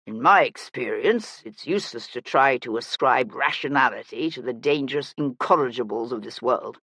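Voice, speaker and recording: A man's voice: mid-range voice, creaky, fairly bright tone, breathy edge, no echo, clean studio sound, voice pushed down, full character voice. A narrator voicing Brownbeck, a stout, self-important older male banker who blusters and moralizes, in an audiobook. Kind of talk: audiobook character voice.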